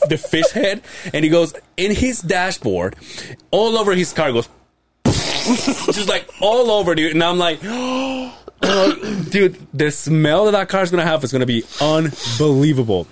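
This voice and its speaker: Swearing freely and doing voices of other people, this man spins lively stories while hosting a casual podcast chat. He speaks at a normal pace in a fairly high pitch, with background noise audible.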